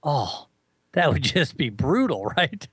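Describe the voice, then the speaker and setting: A man chatting casually as a co-host, telling a lively story and mimicking others in a high voice. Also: slow pace, slightly rough, no echo. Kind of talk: casual chat.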